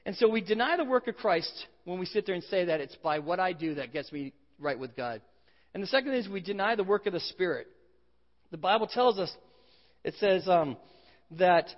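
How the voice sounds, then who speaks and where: Pastor, male, 40s, humorous storyteller, muffled recording. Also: high voice. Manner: humorous storytelling, self-deprecating. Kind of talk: sermon. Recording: dull sound with long hall reverb.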